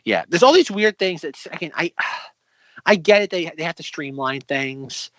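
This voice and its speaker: A man co-hosting a casual film podcast, rambling as he retells scenes and mock-quotes the characters. His voice sits fairly high for a man. The audio is dry and a little dull. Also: animated, normal speed, a bit bright, no echo. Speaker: podcast co-host.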